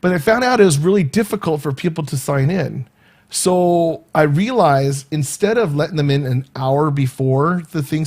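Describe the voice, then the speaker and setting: A man's voice: mid-range voice, darkish tone. Rambling middle-aged man hosting a vlog. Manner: rambling, many fillers and restarts. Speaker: vlog host. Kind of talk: casual rambling monologue.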